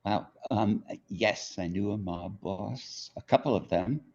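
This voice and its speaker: Slow, deep-voiced older New man. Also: a little mellow, husky. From New York. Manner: unhurried storyteller, acts out quotes. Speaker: author being interviewed. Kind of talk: storytelling interview. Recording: dull lo-fi audio.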